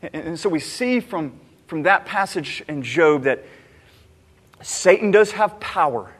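Earnestly turning rhetorical questions on his own motives, a pastor delivers a sermon in a fairly high, a bit bright voice, animated yet a little slow. His words echo with long reverb, as if ringing through a big sanctuary.

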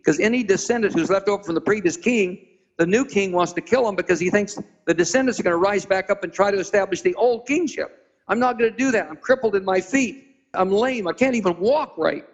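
A man with a high voice tells a Bible story as a sermon, jumping into even higher voices for the figures he acts out. He slows down to spell out and stress Hebrew words. The recording sounds dull and muffled. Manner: acts out quoted characters with sudden high-pitched voices. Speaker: pastor being interviewed. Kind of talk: preaching, dramatic Bible storytelling.

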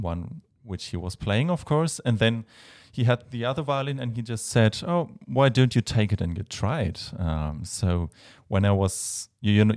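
A man with a German accent, a Baroque violinist talking as a guest in a relaxed interview, hesitant with many fillers and light laughs. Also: fairly low pitch. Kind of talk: casual interview chat.

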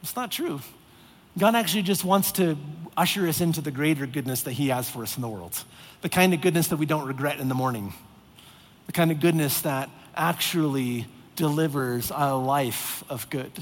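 A man preaching a sermon, earnest, with heavy repetition for emphasis. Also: a little high. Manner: earnest, repetitive emphasis, acts out exasperated voices. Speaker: pastor. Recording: long reverb of a large hall.

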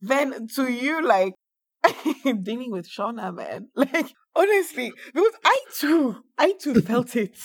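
A woman's voice: high voice, takes it slowly, husky. A woman guesting on a podcast, chatting casually and acting out her reactions with frequent laughter. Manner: animated, acts out reactions and laughs often. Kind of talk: casual chat.

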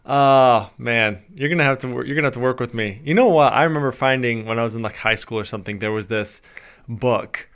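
A man co-hosts a casual podcast, talking in a loose, rambling way with plenty of "like" and "you know." His voice is smooth and clear, and his pitch sits at an average level. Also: a little fast, a bit bright. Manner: talkative, rambling, with many fillers and restarts. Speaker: podcast co-host. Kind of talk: casual chat.

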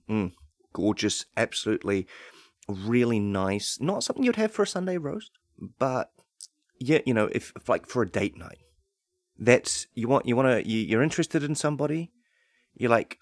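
A young man hosting a comedic podcast, rambling through deadpan absurd asides that turn excitable. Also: fairly low pitch, dry recording. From New Zealand. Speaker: podcast host.

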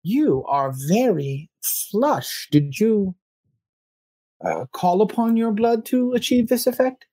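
A man voicing a genteel, courteous male vampire elder in a tabletop game, speaking slowly and smoothly with a probing manner. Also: high voice, very animated, warm tone, voice pushed up, exaggerated voice.

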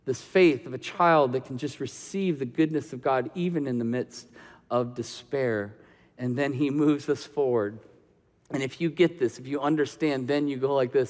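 A man preaching a sermon as pastor, swinging between loud emphatic lines and quiet hushed passages. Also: a little high, normal speed, in a large hall.

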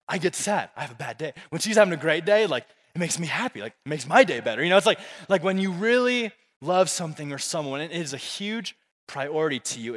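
A young male pastor preaches a casual, repetitive youth sermon, often having the crowd repeat words after him. His voice is fairly high and a bit bright, carried by the long reverb of a big room.

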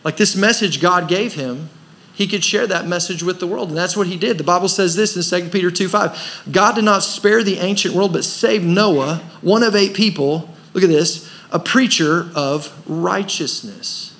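A man's voice: high-pitched, normal speed, fairly bright tone. A man preaching a sermon as pastor of a church, pressing his points with rhetorical questions and rising emphasis. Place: church service.

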